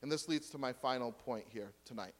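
A man preaching a sermon to a congregation, swinging between loud emphatic points and quiet asides and questions. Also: medium pitch, brisk. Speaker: pastor.

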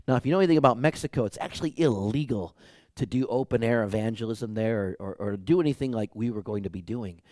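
A man's voice: medium pitch, fast, a little mellow, dry recording, clean studio sound. A male pastor preaching a sermon, telling stories animatedly with a voice that climbs when he gets worked up.

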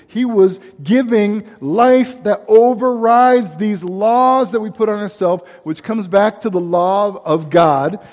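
A man preaching a sermon in a rambling, animated way, breaking off into asides and laughing at himself. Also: sits high. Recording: hall reverb.

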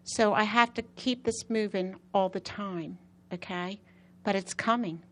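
In an unhurried delivery, a woman preacher tells her personal testimony as part of a sermon. She's an animated storyteller who echoes phrases for emphasis, her voice going high when she's excited.

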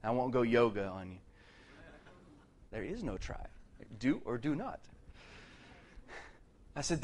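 A middle-aged man preaching a sermon in a lively way, with joking asides and laughs between his points. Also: mid-range voice, a little slow, long pauses. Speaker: pastor.

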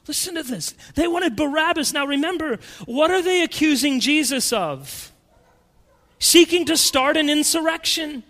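A man preaching a sermon in a dramatic, emphatic way, swinging between loud and hushed. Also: very high-pitched, lively intonation, normal speed, long reverb tail.

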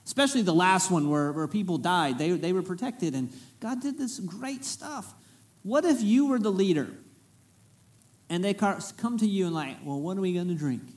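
A man delivers a casual, storytelling sermon. His voice sits high for a man, and he keeps it folksy and lively, breaking in with joking asides to the congregation. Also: normal speed. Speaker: pastor. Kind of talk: conversational sermon.

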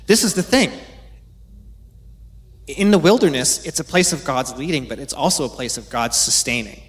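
A man's voice: on the high side, animated, fairly quick, fairly bright tone. A man preaching a casual, conversational sermon, teaching from the Bible and acting out quoted voices now and then.

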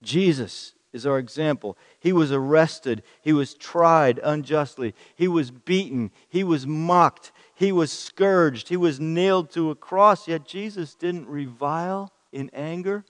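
A man preaching a sermon to a congregation, emphatic and rising in pitch to stress his points as he reads scripture aloud. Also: a little slow, hardly any pauses. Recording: long reverb in a hall.

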